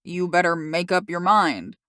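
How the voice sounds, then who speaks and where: A woman's voice: on the low side, unhurried, a bit bright, smooth, no echo, clean studio sound. A woman voicing a stern, practical father who speaks in a firm, admonishing way.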